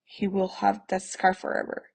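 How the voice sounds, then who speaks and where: A woman voicing Dumbledore, an old, calm and wise male wizard, speaking in a measured way with dry humor. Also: medium pitch, vocal fry, breathy edge.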